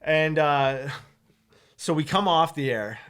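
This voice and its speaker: Animated male radio host telling a story. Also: a little high, slow pace, smooth. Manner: animated, laughs often, acts out quoted lines. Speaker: radio morning show host. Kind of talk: casual storytelling chat.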